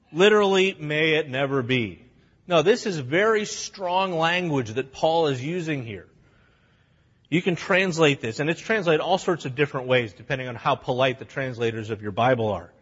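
A man's voice: medium pitch, breathy edge, big-room sound, highs cut off. A man preaching a sermon to his congregation, blunt and plain-spoken, acting out both sides of an argument. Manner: animated, acts out both sides of arguments in quick voices. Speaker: pastor. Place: church sanctuary.

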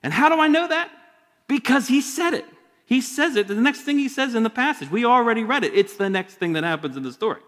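A man's voice: extremely high pitch, animated, a little fast, a bit bright. Chatty male pastor preaching in a reverberant hall. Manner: conversational, joking asides. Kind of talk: sermon. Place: church sanctuary.

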